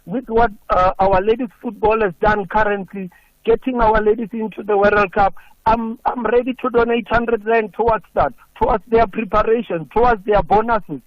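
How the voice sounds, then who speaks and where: High-voiced South African man on a muffled call. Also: steady tone, moderate pace, no room sound. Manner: passionate, repetitive, stumbling restarts. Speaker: caller. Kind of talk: heated radio call-in. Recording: dull muffled phone call.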